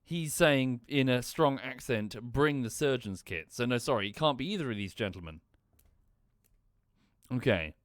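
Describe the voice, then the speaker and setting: A man's voice: mid-range voice, animated, normal speed, long pauses, no echo, clean studio sound. A man streaming a game, thinking aloud as he plays, apologizing and correcting himself along the way. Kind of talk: casual gameplay commentary.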